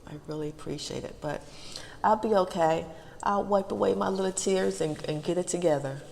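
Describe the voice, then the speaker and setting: A middle-aged woman talks straight to her viewers in a low, gravelly voice. She stumbles and repeats herself, close to tears, and a long reverb trails each phrase. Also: darkish tone. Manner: halting, repeats her words, near tears. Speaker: ASMR channel host. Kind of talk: emotional casual talk to viewers.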